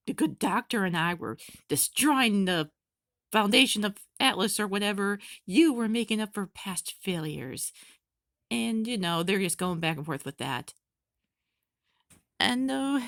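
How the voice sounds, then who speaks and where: A woman fan reviewer giving a casual recap. She is excitable and rambles with lots of fillers. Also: high voice, vocal fry, no echo, clean studio sound.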